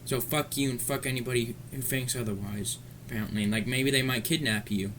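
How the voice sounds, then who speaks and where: A man in the middle of an angry, rambling rant, swearing freely as he goes. His pitch sits at an ordinary middle height, with a faint murmur of room ambience behind him. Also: steady tone, brisk, fairly bright tone, a little hiss or hum. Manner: profane, heated, rambling. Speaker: commentary vlogger. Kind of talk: ranting commentary.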